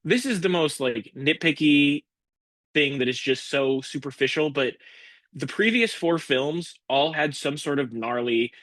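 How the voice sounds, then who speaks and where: A man in a casual film podcast chat, searching for words and building his points slowly, with many fillers. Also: on the high side, a bit bright, no echo. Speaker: podcast co-host.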